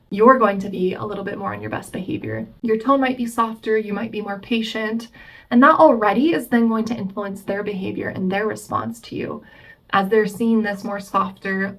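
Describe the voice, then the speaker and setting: A woman therapist giving relationship advice in a chatty vlog, explaining and acting out the things people say to themselves. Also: fairly high pitch. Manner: chatty, explains, acts out quoted self-talk. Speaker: family therapist.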